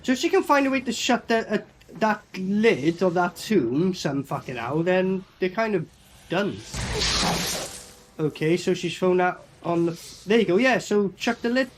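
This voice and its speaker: A man's voice: high-pitched, lively intonation, a little slow, noisy background. A man giving a casual, sweary running commentary as he reviews a film. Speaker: movie reviewer.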